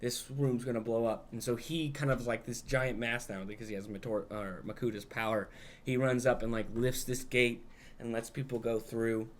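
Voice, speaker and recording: A man's voice: mid-range voice, little pitch movement, normal speed, slight background noise. A young adult man, a podcast co-host, recapping a film in a rambling, casual way, peppered with "like" and swearing.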